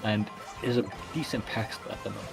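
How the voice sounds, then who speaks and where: A man giving casual color commentary on a competitive racing match, with quick analytical remarks. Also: on the low side, steady tone, gravelly, over music, low-quality recording.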